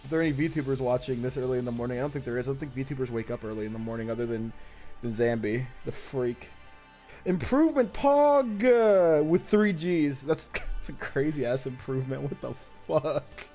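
A man chatting casually on a livestream, excitable and profane, laughing often. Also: medium pitch, quick pace, soft background music. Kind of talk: casual stream chat.

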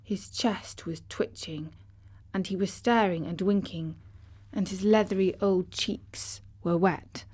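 Woman audiobook narrator, gentle storybook reading, unhurried. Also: mid-range voice, fairly even intonation.

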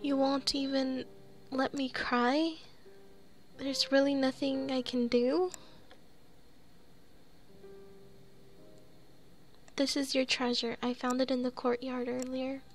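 A woman's voice: high voice, little pitch movement, a little slow, soft background music. A woman voicing a timid, tearful young woman in a horror game, reading her pleading, self-blaming lines aloud. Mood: sad.

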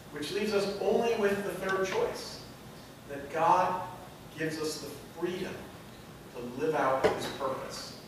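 A man preaching a sermon as pastor, telling a story and building to loud, emphatic peaks. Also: high-pitched, noisy background. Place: church sanctuary. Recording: echoey sanctuary, mic from a distance.

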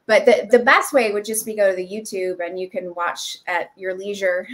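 A woman actress speaks as a guest on a talk show. She answers in a friendly, easygoing way and fills her pauses with ums. Her voice sits at an ordinary middle pitch. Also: steady tone, a bit bright. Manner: friendly, with many filler ums. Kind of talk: casual interview chat.

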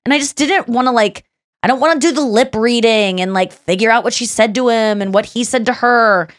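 A woman's voice: fairly high pitch, brisk, no echo, studio quality. A woman hosting a podcast in casual chat, gushing and chatty with lots of fillers and restarts. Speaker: podcast host.

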